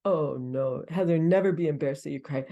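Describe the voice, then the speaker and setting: A woman's voice: deep voice, brisk, warm tone. A woman hosting a group meditation session as its teacher. She laughs often and gasps with delight at what people share. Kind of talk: group sharing after a meditation.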